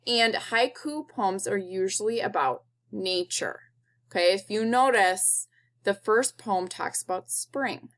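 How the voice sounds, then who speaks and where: Woman, teacher, unhurried delivery, mid-range voice, patient, kid-friendly video lesson. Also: mid-range voice, fairly bright tone. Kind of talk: recorded video lesson for young children.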